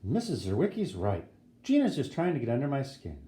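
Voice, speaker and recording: A man voicing a brash, excitable schoolboy who talks in indignant, dramatic bursts. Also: mid-range voice, brisk. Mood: grumbling. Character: brash, excitable eleven-year-old boy. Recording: roomy echo.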